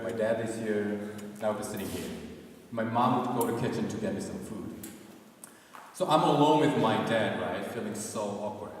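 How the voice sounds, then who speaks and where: A man's voice: lowish voice, recorded from a distance, slight background noise. Young man telling a story in an echoey hall. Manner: casual, conversational, many "like" fillers. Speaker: performance artist. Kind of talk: live storytelling performance. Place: gallery performance space.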